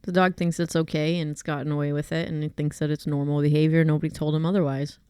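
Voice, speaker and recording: A woman's voice: deep voice, level tone, fast, mellow, clear, resonant tone, no echo. A woman, a dog walker and trainer, chatting on a podcast and explaining things through everyday examples, full of "like" fillers. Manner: conversational, explains with hypotheticals, many fillers like "like". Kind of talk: casual chat.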